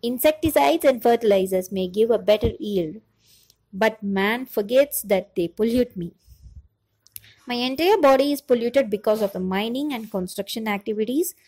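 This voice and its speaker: A woman's voice: on the high side, moderate pace, darkish tone, close to an everyday voice, low-quality recording. A woman voicing the weary, polluted land. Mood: pleading. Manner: pleading.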